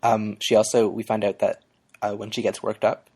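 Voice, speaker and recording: A podcast co-host talks casually, often pausing on ums and uhs. The voice is gravelly and husky, with lots of vocal fry. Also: medium pitch, flat delivery, warm tone. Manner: hesitant, many ums and uhs. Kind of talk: casual chat about a webcomic.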